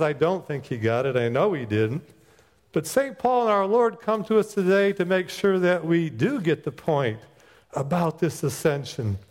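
Folksy middle-aged preacher in a reverberant church. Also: male voice, high-pitched, darkish tone. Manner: folksy, conversational storytelling. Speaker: chaplain pastor. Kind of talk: sermon with personal stories. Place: church sanctuary.

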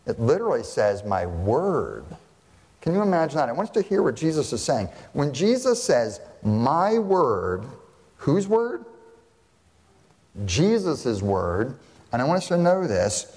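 A man's voice: mid-range voice, sing-song, moderate pace, darkish tone, long reverb tail. A man, a pastor, preaching a sermon and putting rhetorical questions to his congregation.

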